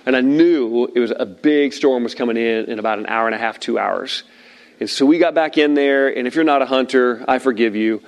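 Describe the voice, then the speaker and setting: A middle-aged man preaching to a room of listeners at tables, telling a story in a lively way and acting out the lines he quotes. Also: medium pitch, fairly quick. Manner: animated storyteller, acts out shouted quotes. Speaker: pastor. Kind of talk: sermon with personal story.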